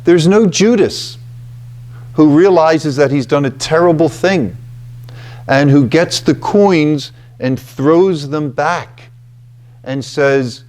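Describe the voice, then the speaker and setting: Slow, deliberate man giving a scripture talk. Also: fairly high pitch, darkish tone. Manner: deliberate, emphatic, with frequent "okay" and "you know". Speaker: retreat house presenter.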